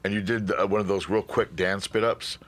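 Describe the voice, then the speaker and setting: A man's voice: lowish voice, fairly even intonation, fairly quick, a bit bright. A middle-aged man, a guest from a band, rambling and teasing his bandmate in casual chat. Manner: rambling, teasing, trips over his words.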